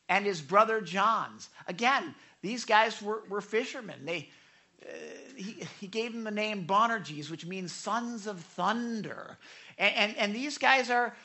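A woman preaching a sermon in an animated way. She often stammers and repeats words, and she acts out the people she quotes. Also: mid-range voice.

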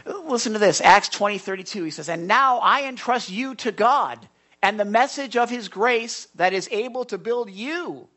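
A pastor preaching a sermon, emphatic, often urging the listeners to listen and reading scripture aloud. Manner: rises and falls sharply in pitch and loudness.

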